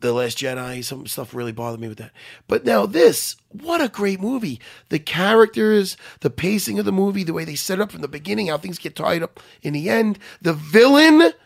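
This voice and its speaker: A podcast co-host chatting casually about sports, excitable and prone to getting loud when hyped, often breaking in with "listen.". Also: male voice, high voice, brisk, creaky, no echo, studio quality. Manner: repeats "listen" to take the floor.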